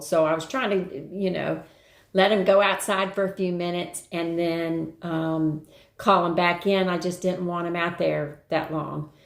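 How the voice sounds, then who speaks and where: An older woman hosting a live stream, telling a rambling everyday story in casual chat and greeting viewers along the way. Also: on the low side. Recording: roomy echo.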